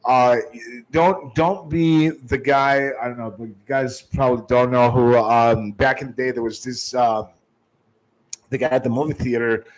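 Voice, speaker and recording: A man's voice: mid-range voice, fairly even intonation, unhurried, poor audio. A man giving sales training, emphatic, restarting often and shifting his tone and volume to demonstrate.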